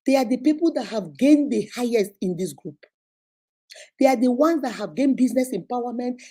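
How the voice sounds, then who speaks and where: A woman's voice: high voice, mellow, husky. A Nigerian woman hosting a casual advice session, talking animatedly and laughing often as she acts out phone calls. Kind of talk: casual live advice chat.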